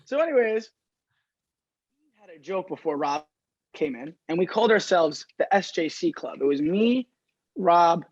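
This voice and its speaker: A man's voice: sits high, animated, normal speed, pauses often, dry recording. A man, chatting as a podcast guest over a video call, laughing often and filling his talk with "like". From Staten Island, New York. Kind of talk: casual chat. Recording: slightly dull lo-fi call audio.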